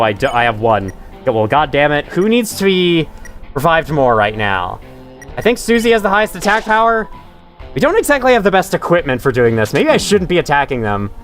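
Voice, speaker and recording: A man's voice: fairly high pitch, fairly bright tone. A man streaming a game live from his room at home, chatting with viewers as he plays and swearing when things go wrong. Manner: chatty, reads chat aloud, swears when frustrated. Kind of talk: live gameplay commentary.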